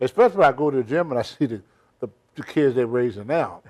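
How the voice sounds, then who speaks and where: Speaking fast and expressively in a medium-pitched, slightly mellow voice, a senior citizen guest shares stories in an interview. He's emphatic and rambling, with loose grammar.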